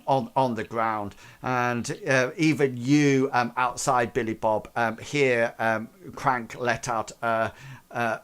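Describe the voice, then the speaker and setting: A man's voice: medium pitch, fairly bright tone, clean tone. A man narrating a tabletop game as game master, rambling with many fillers and restarts.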